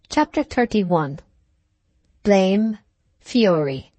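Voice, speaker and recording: A woman's voice: lowish voice, normal speed, darkish tone, dry recording. Woman narrating a classic novel. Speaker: audiobook narrator. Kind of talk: scripted narration.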